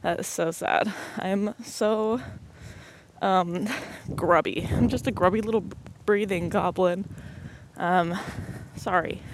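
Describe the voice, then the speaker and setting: A woman's voice: on the low side, slow pace. A young woman hosting a solo podcast. She has a cold, is out of breath while walking outside, and rambles in a joking, self-deprecating way. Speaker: podcast host. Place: outdoors on a windy street while walking. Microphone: headset mic on headphones. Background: passing cars and wind.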